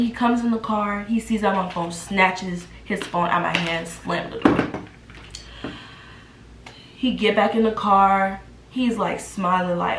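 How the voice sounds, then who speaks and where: A woman in her twenties telling a casual storytime, animated and acting out what people said. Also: lowish voice, a little slow, noisy background. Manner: animated, acts out the quotes. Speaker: vlogger. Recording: roomy echo.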